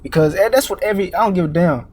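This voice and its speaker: A man with a noticeably high voice delivers a casual street-style sermon. He cusses freely, drops "man" and "you know" constantly, and stalls on stammered repeats before pushing his point. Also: rapid-fire, a little mellow, slightly rough. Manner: casual and profane, many fillers and "man", "all right?"; repeats words while searching, stammering restarts. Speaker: preacher.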